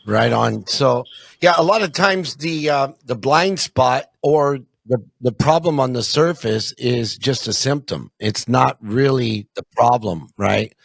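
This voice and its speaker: A man's voice: medium pitch, unhurried, vocal fry, no room sound. A man hosting a podcast, asking questions in a conversational way and ending his points with "right?". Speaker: podcast host. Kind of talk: interviewing.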